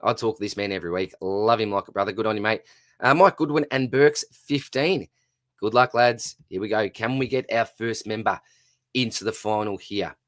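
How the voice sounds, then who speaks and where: A man hosting a channel giveaway draw, calling an online race in lively commentary while losing his voice. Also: lowish voice, no echo, studio quality. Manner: excitable race-caller, rising and fast at the finish.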